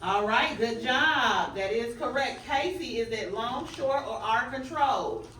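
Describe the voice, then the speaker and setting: A woman student teacher running a phonics drill with a class, calling out words slowly and clearly. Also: fairly high pitch, animated, fairly bright tone, slight background noise. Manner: stretches out target words clearly. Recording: echoey room, mic far off.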